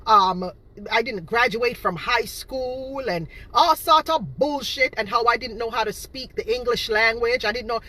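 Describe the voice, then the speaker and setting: A woman's voice: a little high, measured pace, sharp tone. Indignant woman with a Jamaican patois lilt. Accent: Jamaican patois-inflected. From Boston, Massachusetts. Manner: indignant, repetitive, emphatic. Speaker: cake seller. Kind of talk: casual rant to viewers.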